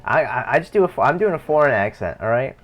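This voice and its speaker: A man's voice: mid-range voice, very animated, quick pace, dull audio. A young man chatting casually on a live game stream, rambling and correcting himself as he plays. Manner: rambling, self-correcting, chuckling. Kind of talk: casual live-stream chat while gaming.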